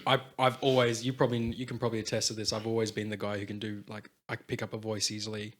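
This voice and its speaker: A man hosting a podcast, chatting casually and telling animated stories. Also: on the low side. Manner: animated, quick storytelling with voice imitations. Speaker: podcast host. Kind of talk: casual chat.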